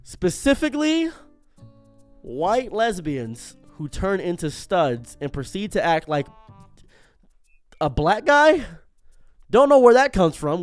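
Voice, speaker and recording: Animated man riffing in an unscripted commentary. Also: high-pitched, measured pace, pauses often, no room sound, studio quality, faint music behind. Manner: animated, tangent-prone, self-interrupting. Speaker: streamer and commentary host.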